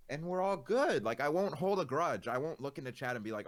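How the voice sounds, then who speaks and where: A male streamer vents to his audience in loose, profane talk. His pitch swings widely as he gets worked up, then dips low and quiet when he calms. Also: normal speed, few pauses. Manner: exasperated ranting, profane, lots of fillers. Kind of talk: casual stream chat.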